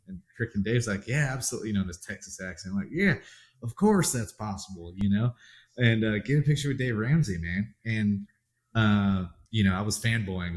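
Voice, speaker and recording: A man hosting a podcast, telling rambling anecdotes in a casual, chatty way. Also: on the low side. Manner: rambling anecdotes, lots of fillers and restarts. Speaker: podcast host. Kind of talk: casual chat.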